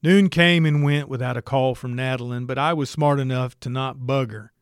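A man's voice: medium pitch, steady tone, moderate pace, smooth, dry recording. A man narrating a story in the first person, with a wry, dry storytelling manner. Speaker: audiobook narrator.

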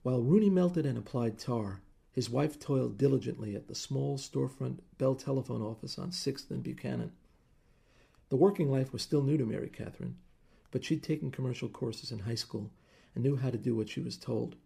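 A man reading a short story aloud in measured, plain narration. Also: mid-range voice, vocal fry, warm tone, husky.

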